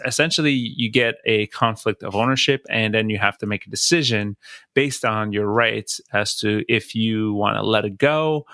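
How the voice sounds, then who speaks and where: French-accented man explaining, low and dry. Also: dry recording. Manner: relaxed, explains step by step with fillers. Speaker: podcast co-host. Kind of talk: casual explanatory chat.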